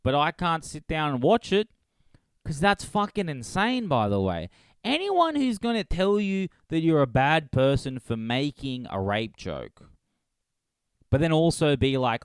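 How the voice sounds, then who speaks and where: Man, comedy podcast host, smooth resonant voice, dry close mic, rambling, profane. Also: a little high, big pitch swings, unhurried, no echo. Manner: profane, rambling, laughing at own jokes. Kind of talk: solo comedy podcast rant.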